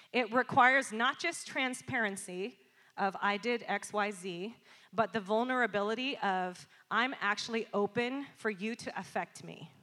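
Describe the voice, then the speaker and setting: A woman in her thirties preaching a sermon, telling a personal story with animated, acted-out moments and quiet, earnest asides. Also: medium pitch. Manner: animated storytelling, acts out shouting and quiet apologies. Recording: long hall reverb.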